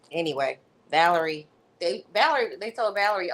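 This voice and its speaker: A woman host telling a story on a casual livestream, animated and freely profane. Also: fairly low pitch, normal speed, rough recording.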